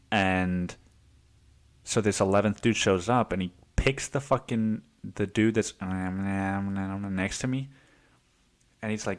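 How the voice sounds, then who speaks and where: A man with a fairly low voice tells a story on his podcast in a loose, rambling monologue. He swears freely and drops "dude" into almost every phrase. Now and then he jumps into quick put-on voices for the people in the story. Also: fairly even intonation. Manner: acts out other people's lines in quick voices. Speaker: podcast host.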